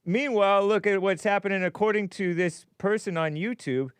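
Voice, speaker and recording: Man, host, casual commentary, wry and sarcastic, fairly high voice, dry close sound. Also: moderate pace, clear, resonant tone, dry recording. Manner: laughs at his own remarks.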